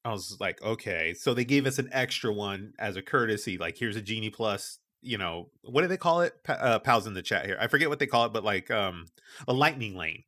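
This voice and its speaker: Lively man telling a story. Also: lowish voice, a little fast. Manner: animated storyteller, acts out quoted people. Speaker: podcast co-host. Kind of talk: casual storytelling chat.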